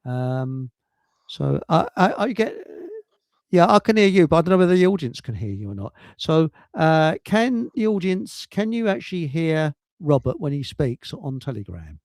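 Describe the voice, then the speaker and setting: A man hosting a casual livestream, rambling and halting over technical trouble with many restarts. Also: on the high side, very animated, darkish tone, dry recording, clean studio sound. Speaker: livestream host. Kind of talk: casual chat. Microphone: computer mic on a video stream.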